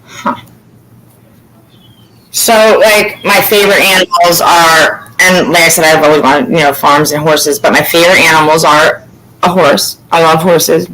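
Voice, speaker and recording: A woman's voice: low voice, fairly even intonation, unhurried, fairly bright tone, poor audio. A woman hosting a casual chat, rambling and candid, swearing freely. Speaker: podcast host.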